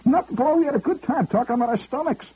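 A loose-tongued, tipsy middle-aged executive with a thick Bronx accent, as a husky-voiced man puts him on. He blurts and stammers in a strained, high-pitched voice that leaps up and down. The husky grain stays under every word. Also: quick pace, full character voice, poor audio. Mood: tipsy, excited. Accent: New York (Bronx). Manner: blurting, excitable, repeats himself.

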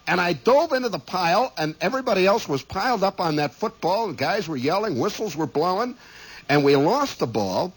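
A man's voice: high-pitched, big pitch swings, brisk, husky, low-quality recording. A middle-aged man telling rambling, folksy stories as a radio host, acting out voices and exclamations. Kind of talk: rambling storytelling monologue.

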